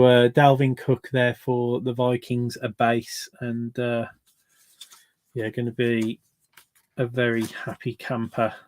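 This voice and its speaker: A man's voice: mid-range voice, a little mellow, no room sound. A man hosting a card break, chatting casually with many fillers and restarts.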